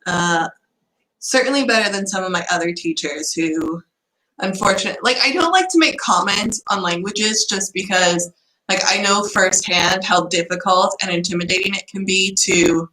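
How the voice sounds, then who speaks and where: A woman's voice: mid-range voice, normal speed, pushed and bright, echoey room, rough recording. A young woman from the United States chatting casually in a student vlog, self-deprecating and giggly. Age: young adult. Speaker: student vlogger.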